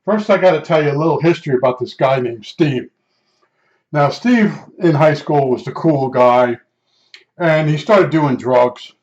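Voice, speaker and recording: A man's voice: a little high, darkish tone. Rambling older man, lo-fi recording. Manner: meandering, halting, with many restarts and fillers. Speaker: storyteller. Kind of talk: rambling spoken monologue. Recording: dull lo-fi recording.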